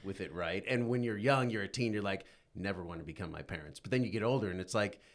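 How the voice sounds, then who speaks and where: A man's voice: fairly low pitch, quick pace. A man in his forties hosting a casual interview, wry and self-deprecating, laughing often. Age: 40s. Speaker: interview host.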